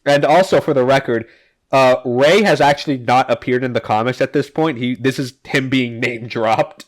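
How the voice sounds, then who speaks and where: A man's voice: mid-range voice, moderate pace. A man hosting a casual podcast, recapping comics in a rambling, filler-heavy way with the odd swear. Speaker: podcast host.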